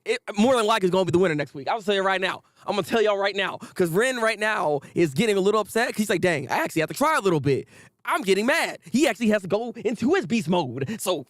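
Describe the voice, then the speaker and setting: Young male host, excitable and slangy, fairly high voice, dry close sound. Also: fast, hardly any pauses, no room sound. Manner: hyped, slangy, repeats himself, laughs often. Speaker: anime review host. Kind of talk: casual excited commentary.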